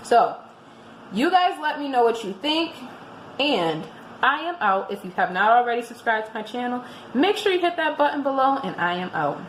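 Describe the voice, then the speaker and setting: A woman giving a casual book review on her vlog, chatty and expressive, often restarting her sentences. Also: a little high, moderate pace, a little hiss or hum. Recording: roomy echoing room.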